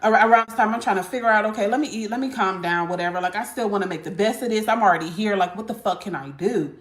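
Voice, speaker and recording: A woman's voice: medium pitch, fast talker. A woman telling a casual storytime to her viewers, blunt and profane, talking straight to them as y'all. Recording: echoey room.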